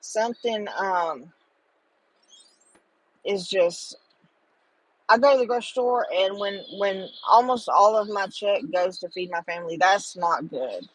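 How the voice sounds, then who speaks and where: A woman's voice: medium pitch, a little slow, long pauses, dry recording, low-quality recording. A middle-aged woman, chatting with viewers on a casual livestream and rambling with lots of fillers. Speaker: livestream host.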